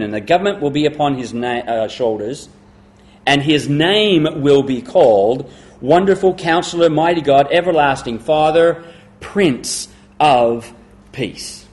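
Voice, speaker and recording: A middle-aged male pastor preaching a sermon, emphatic, slowing and dropping to a hush on key words. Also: mid-range voice.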